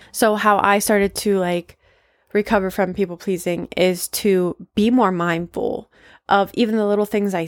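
A woman's voice: mid-range voice, dry recording, studio quality. Blunt, swearing woman on a solo podcast. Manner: candid, swears often, many "like" fillers; emphatic, confessional. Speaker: podcast host. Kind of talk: casual solo podcast talk.

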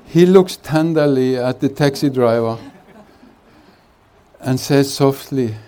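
A man speaking as a spiritual teacher at a retreat, giving an unhurried satsang talk with jokes and chuckling between his thoughts. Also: mid-range voice, dark tone, clear, resonant tone. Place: retreat hall.

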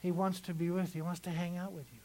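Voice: medium pitch, little pitch movement, fast, mellow, a little hiss or hum, poor audio. Pastor, mid-range voice, chatty sermon delivery that leans on repetition. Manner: conversational, repeats phrases for emphasis.

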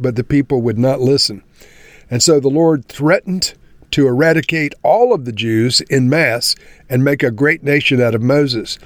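A man's voice: mid-range voice, normal speed, dry recording. A man giving an earnest devotional Bible teaching, speaking to his listeners as friends and closing in prayer.

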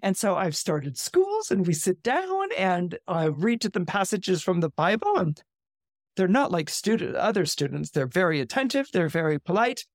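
A man's voice: sits high, big pitch swings, normal speed, no echo, studio quality, pitched above the performer's own voice. A man voicing a prim, pious female missionary who talks eagerly and emphatically in a story retelling. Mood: zealous.

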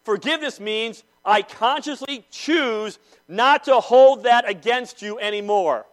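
A man preaching a sermon to a congregation in a church, swinging between loud declarations and hushed intensity. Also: extremely high pitch, unhurried. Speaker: pastor.

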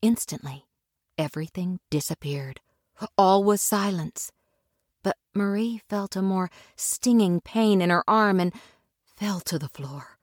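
A woman narrating a children's story aloud with expressive, dramatic delivery. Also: mid-range voice, a little slow, no room sound, studio quality. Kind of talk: storybook reading.

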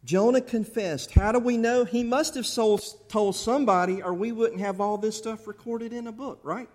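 A middle-aged man preaching a sermon, swinging between loud fervent bursts and soft intimate asides. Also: high voice, fairly even intonation, normal speed. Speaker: pastor.

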